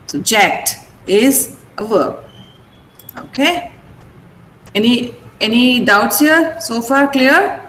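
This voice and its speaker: A woman with an Indian English accent teaches English, explaining stress rules patiently and asking students to repeat each word. Her voice sits somewhat high. There is a faint hiss behind her. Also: a bit bright, roomy sound, rough recording. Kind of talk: online vocabulary class.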